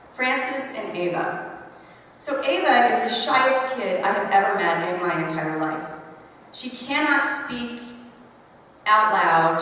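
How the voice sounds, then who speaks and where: A woman in her forties telling a story on stage in an animated way, laughing through the funny parts. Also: on the high side. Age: 40s. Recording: echoey hall from far off.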